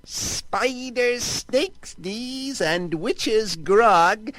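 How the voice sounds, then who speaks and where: A man voicing a cranky old female witch on a storybook record, rasping and squawking. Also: very slow, a bit bright, no room sound, full character voice. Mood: spell-casting. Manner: shrill, cackling chant.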